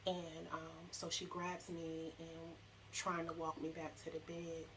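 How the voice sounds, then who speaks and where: A young woman telling her own story, halting and emotional, with many fillers and restarts. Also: low voice, monotone, background noise. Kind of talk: personal storytelling to camera.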